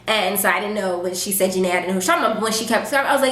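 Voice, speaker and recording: A young woman vlogger telling a casual storytime, chatty and animated, full of fillers and quoted asides. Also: mid-range voice, very fast, few pauses. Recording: echoey room.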